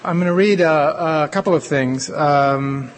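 A man with a slightly raised voice speaks haltingly to an audience, breaking his sentences with ums and uhs and dry self-deprecating asides. Long reverb from a large lecture hall carries every word. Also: fairly high pitch, crowd noise, noisy background. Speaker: playwright reading his own work. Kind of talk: informal introduction before a reading.

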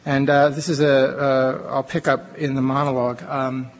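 A playwright, a man, introducing his reading in a hesitant, halting way, full of ums and uhs and self-deprecating asides, speaking in a lecture hall. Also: mid-range voice, flat delivery, a little hiss or hum. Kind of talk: informal introduction before a reading. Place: lecture hall before an audience. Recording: long reverb in a large hall.

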